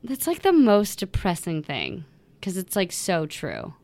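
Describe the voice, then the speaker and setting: A woman co-hosting a podcast in casual chat, gushing and animated, with lots of "like". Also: lowish voice, a little slow. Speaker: podcast co-host.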